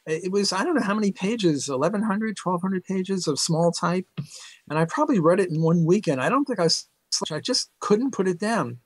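An older man recounts his memories in an unhurried, rambling way, peppering them with fillers and bursts of laughter. His voice sits a little high for a man, and it sounds close and dry, with no room echo. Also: animated. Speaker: interview guest, economics professor. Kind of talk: casual storytelling interview.

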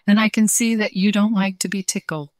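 A woman voicing a cheeky male hyena who laughs at everything, in a bright, playful, teasing voice. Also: medium pitch, fairly even intonation, a little fast, no echo, voice pushed up, lightly acted.

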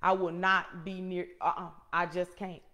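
A middle-aged woman hosting her own show, preaching a personal testimony in an emphatic way that swings from loud to hushed. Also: fairly low pitch, flat delivery, measured pace. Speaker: host and motivational speaker.

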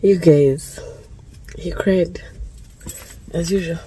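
A young woman from Uganda talking casually to her phone camera in a vlog, chatty and often sliding into soft half-whispered asides. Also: on the low side, steady tone, very slow, a little hiss or hum, low-quality recording. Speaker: vlogger.

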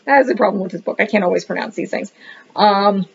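A woman's voice: medium pitch, fast, creaky, husky. A woman giving a casual book review, rambling and thinking aloud as she leafs through the pages. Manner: rambling, thinking aloud, says "what the heck" a lot. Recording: dull lo-fi recording.

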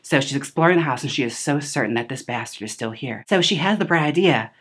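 A woman's voice: rumbling low, animated, fast, husky. A woman hosting a casual movie recap, chatty and sassy, full of filler words and side remarks. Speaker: host reviewing a film.

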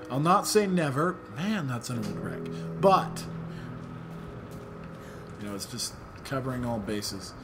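A young man giving casual, joking commentary while playing a video game, rambling and sarcastic. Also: a little high. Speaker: let's play gamer.

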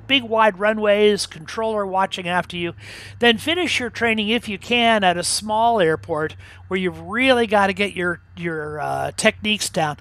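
A man's voice: high-pitched, sharp tone. A man hosting a flight sim video, talking casually and instructively, rambling a bit with fillers and restarts as he goes through pre-flight checks. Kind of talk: casual talk while flying a simulator.

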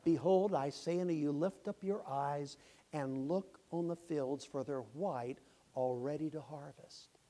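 A pastor preaching a sermon, impassioned and rising to shouts. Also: male voice, on the high side, measured pace. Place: church sanctuary.

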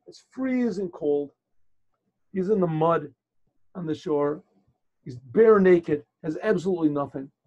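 Man, rabbi, storytelling on a video call, halting and repetitive, dark husky voice. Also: high-pitched, low-quality recording. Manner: halting, repeats and restarts phrases.

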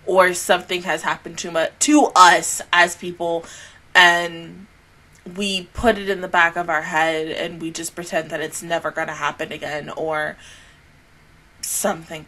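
A woman hosting an anime reaction and review, swearing, laughing and crying out, then talking it through more quietly. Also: mid-range voice, normal speed. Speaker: anime reaction channel host.

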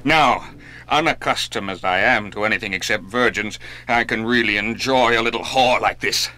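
An actor playing a cold, commanding aristocratic villain who gives clipped orders in a 1960s spoken-word drama recording. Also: male voice, fairly low pitch, moderate pace, bright, forceful tone.

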